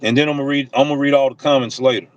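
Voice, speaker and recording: A man's voice: medium pitch, fairly even intonation, rapid-fire, lo-fi sound. A man who drives deliveries, talking to viewers on a livestream in passionate, preachy, slang-filled casual speech. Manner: impassioned, preachy, talks straight at the audience.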